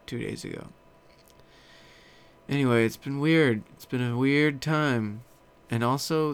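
A man's voice: medium pitch, clean tone. A man hosting a solo podcast from his desk, rambling casually with a self-deprecating, swearing manner. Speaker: podcast host.

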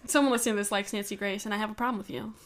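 A woman's voice: mid-range voice, fairly even intonation, racing, fairly bright tone. A young woman co-hosting a true-crime podcast, talking casually and with strong opinions, laughing often and swearing. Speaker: podcast co-host.

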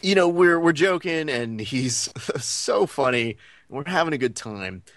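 A man's voice: on the high side, unhurried, no room sound, studio quality. A man co-hosting a podcast, telling a story casually and acting out the lines of the people in it. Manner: animated storyteller, acts out quoted lines. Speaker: podcast co-host.

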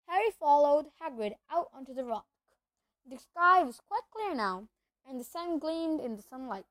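High-voiced woman reading a storybook. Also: normal speed, no echo. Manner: expressive storytelling, lively voices. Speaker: audiobook reader. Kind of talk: reading a children's novel aloud.

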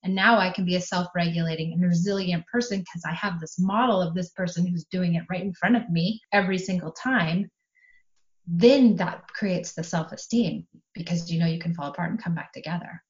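A mother in her forties talking calmly and at length about parenting, acting out her own and her daughter's lines in quoted dialogue. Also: fairly low pitch, fairly quick, muffled recording. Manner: calm, explanatory, acts out quoted dialogue. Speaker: parenting guest. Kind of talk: podcast conversation.

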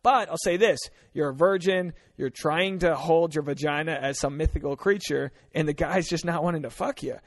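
A man's voice: fairly high pitch, normal speed, few pauses. A man from Rhode Island hosting a comedic advice podcast, talking in a blunt, crude, joking way and acting out little scenes. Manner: blunt, crude, jokey, acts out voices. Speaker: podcast host.

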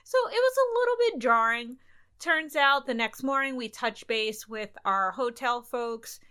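Bright-voiced woman telling travel stories. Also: fairly high pitch, a little slow, clean tone. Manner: animated, recounts events with quoted dialogue. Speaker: podcast co-host. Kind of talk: casual travel storytelling.

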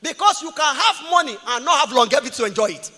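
A man preaching a sermon as a pastor, impassioned, swinging between shouts and quiet asides. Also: extremely high pitch, lively intonation, fast, in a large hall. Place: church.

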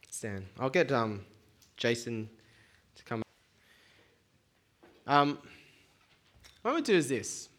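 A man's voice: medium pitch, big pitch swings, takes it slowly, pauses often, fairly bright tone. A man who is a pastor, leading an earnest altar-call prayer at a church service and often repeating words as he speaks.

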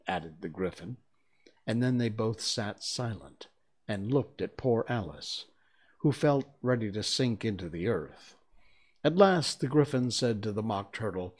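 A man narrating a storybook in an unhurried, expressive reading. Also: sits low, slightly rough.

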